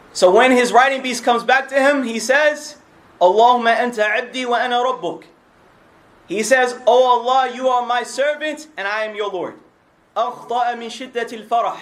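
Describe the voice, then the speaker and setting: A man giving a mosque lecture on hadith, reciting Arabic quickly and then translating it into English. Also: sits high, a bit bright. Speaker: religious lecturer.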